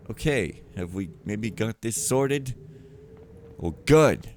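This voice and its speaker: Low-voiced rambling male gamer. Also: animated, very slow, a little mellow, slight background noise. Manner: rambling, self-interrupting, ranting. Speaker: let's player. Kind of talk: casual gameplay commentary.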